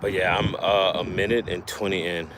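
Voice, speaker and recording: A man hosting a casual livestream outdoors while fishing, talking in a relaxed, halting way with lots of fillers and restarts, a little out of breath. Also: low voice, background noise. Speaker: livestream host.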